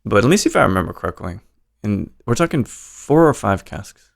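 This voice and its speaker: A man's voice: lowish voice, sing-song, brisk, vocal fry. A man hosting a podcast, chatting casually and animatedly with offhand swearing. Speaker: podcast host. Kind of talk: casual interview chat.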